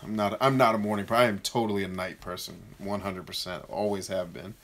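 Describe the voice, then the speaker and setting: A man's voice: fairly even intonation, a bit bright. A man coaching viewers in a casual live-stream Q&A, reading their comments aloud and answering bluntly with jokes. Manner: mocks shrill voices in quick bursts.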